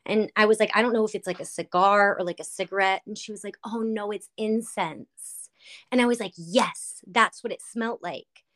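A woman's voice: medium pitch, fast talker. A woman podcast host in casual chat, telling stories animatedly with lots of fillers. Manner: animated storytelling with many fillers.

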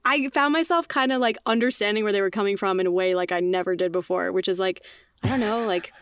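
A young woman guest on a podcast, chatting casually, laughing often and acting out quotes in a higher voice. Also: quick pace, clear, resonant tone, dry recording, studio quality. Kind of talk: casual chat.

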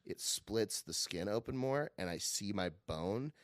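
A young man telling a story in casual chat, animated and profane, laughing often. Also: on the low side, a little slow, no echo, clean studio sound.

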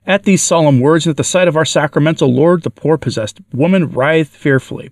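A man narrating a religious story aloud in a measured way, with occasional stumbles. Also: a little high, dry recording. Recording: dry, from far off the mic.

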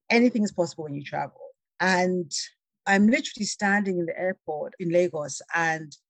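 A woman telling a personal travel story in a conversation, lively and laughing, acting out the voices of the people she quotes. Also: lowish voice, no room sound. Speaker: guest.

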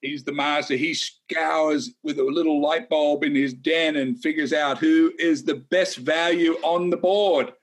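A man co-hosting a casual golf betting chat, talking in a chatty, animated way with folksy asides. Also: fairly high pitch, a little slow, few pauses. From Australia. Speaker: golf analyst co-host.

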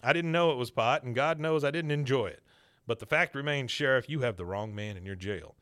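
Earnest, guilty middle-aged dad, mid-pitched, voiced by a man. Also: fairly quick, a bit bright, dry recording, natural voice. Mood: confessing.

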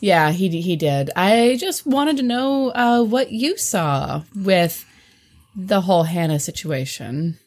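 A woman's voice: lowish voice, lively intonation, slow, a little mellow, heavily acted. A woman playing a blunt, odd young woman who asks pointed questions in a dry, matter-of-fact way. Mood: polite.

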